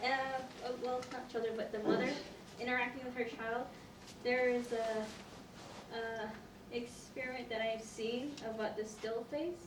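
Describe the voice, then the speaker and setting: A woman's voice: fairly high pitch, fairly even intonation, measured pace. Hesitant female student in a classroom. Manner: hesitant, many fillers. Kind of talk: asking a question in class. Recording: distant echoey classroom with noise.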